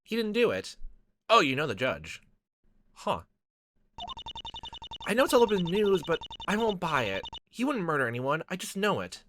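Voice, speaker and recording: A man's voice: sits high, huge pitch swings, moderate pace, pauses often, noisy background, pitched above the performer's own voice. Man voicing a bubbly young woman. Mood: eager. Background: game music.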